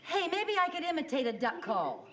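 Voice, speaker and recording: Chirpy, bumbling sitcom heroine. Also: female voice, high-pitched, big pitch swings, normal speed, slight background noise. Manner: chirpy, comic, quacks like a duck. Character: eager, bumbling woman who imitates duck calls. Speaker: sitcom lead. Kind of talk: 1960s sitcom acting. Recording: dull old TV audio with studio laughter.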